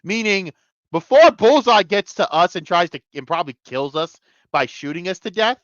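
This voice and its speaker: A man giving an excitable, profane review of a TV episode, jumping between near-shouts and mutters. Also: sits high, normal speed, dry recording, lo-fi sound. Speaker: TV show reviewer. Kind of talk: casual video review rant.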